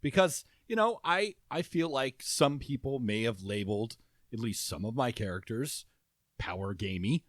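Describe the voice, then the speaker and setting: A man co-hosting a podcast in casual chat, animated and quick to laugh, often restarting his sentences. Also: mid-range voice, no echo, studio quality. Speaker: podcast co-host.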